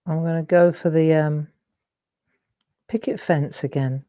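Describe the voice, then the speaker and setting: Speaking a little slowly, this middle-aged woman has a warm voice that sits low, with fairly even intonation. She hosts a live drawing demonstration as a craft demonstrator, chatting casually and rambling with frequent self-interruptions.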